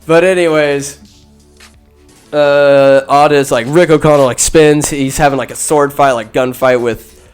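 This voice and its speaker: Smooth-voiced man joking through a movie recap. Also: a little high, steady tone, unhurried, soft background music. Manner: rambling, profane, jokey asides. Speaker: podcast host. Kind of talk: casual comedic movie recap.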